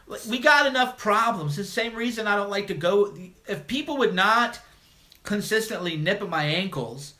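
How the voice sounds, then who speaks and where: Blunt, mocking man with a bright voice. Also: high voice, lively intonation, normal speed. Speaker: livestream host. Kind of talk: call-in livestream monologue.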